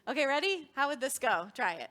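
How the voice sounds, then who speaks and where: A song leader runs a children's worship service in a synagogue sanctuary, her high, fairly bright voice swinging widely in pitch at a fairly quick pace. Cheerful throughout, she teaches the children while quizzing them.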